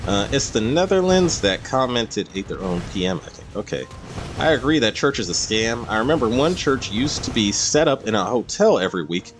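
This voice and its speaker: A man's voice: mid-range voice, big pitch swings, moderate pace, over music. A man streaming a game and casually chatting through viewer comments in a rambling way. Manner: rambling, with frequent fillers and laughs. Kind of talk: casual livestream chat, reading viewer comments.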